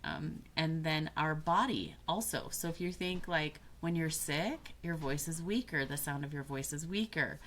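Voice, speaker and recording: Low-voiced woman speaking thoughtfully. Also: measured pace, few pauses, a bit bright. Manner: thoughtful, searching for words, restarts mid-phrase. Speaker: guest, business coach. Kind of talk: reflective podcast conversation.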